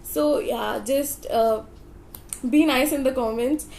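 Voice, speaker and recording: A young woman gushes through a casual reaction vlog in a high voice, stacking repeated words for emphasis. Her voice is slightly rough from the early morning, and the recording sits in an echoey room. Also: takes it slowly, darkish tone, slight background noise. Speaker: YouTube reaction host.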